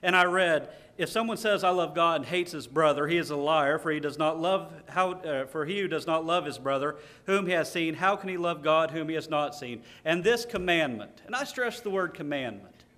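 A man's voice: a little high, brisk, hardly any pauses, bright, forceful tone. A man preaching a sermon, stressing key words and reading scripture aloud.

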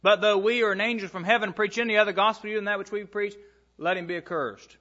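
A man's voice: high voice, fairly even intonation, quick pace, sharp tone, muffled recording. A man preaching a sermon to a congregation, reading scripture aloud and telling stories from his own ministry. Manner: storytelling, reads scripture aloud.

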